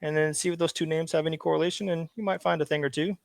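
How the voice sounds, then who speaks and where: A man's voice: on the high side, steady tone, very fast, gravelly, dry recording, clean studio sound. A man co-hosting a podcast, talking casually with a questioning tone and lots of fillers. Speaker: podcast co-host. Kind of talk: casual conversational chat.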